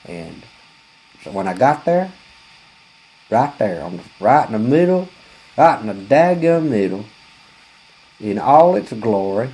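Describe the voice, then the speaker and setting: Husky rambling man. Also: medium pitch, very animated, unhurried, long pauses, warm tone, rough recording. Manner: folksy, profane, rambling with many fillers. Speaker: comedian telling a story. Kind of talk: rambling comic storytelling.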